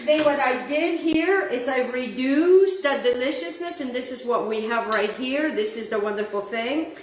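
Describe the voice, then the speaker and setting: Woman doing a cooking show at home, gushy, sings bits, kinda high voice, roomy echo. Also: lively intonation, normal speed, distant mic. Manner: effusive, gushing, sometimes sings phrases. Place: home kitchen. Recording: echoey room with faint background noise.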